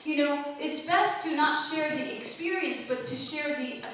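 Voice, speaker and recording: Woman host, earnest spiritual talk, higher voice, mic far off in a roomy space. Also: normal speed, a bit bright, a little hiss or hum. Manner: earnest, conversational, many "you know" asides. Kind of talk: spiritual talk show monologue. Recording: roomy echo, distant mic, faint ambience.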